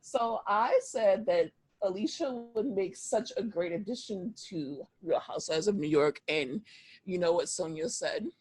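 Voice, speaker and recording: A woman's voice: mid-range voice, measured pace, a little mellow, slightly rough. A young woman co-hosting a podcast, gossiping in a casual chat and laughing often. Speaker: podcast co-host.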